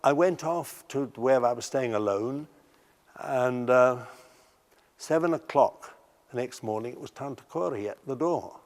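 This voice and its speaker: An older man telling stories from his life in a documentary interview, halting and often restarting his sentences. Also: mid-range voice, a little mellow, big-room sound. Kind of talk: recounting memories in a documentary interview.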